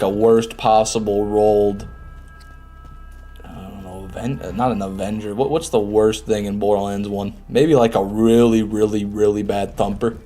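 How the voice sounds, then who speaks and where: A man's voice: on the low side, warm tone. A man chatting casually over live gameplay, reading and answering viewer messages as he plays. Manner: chatty, reads and answers chat. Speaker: streamer.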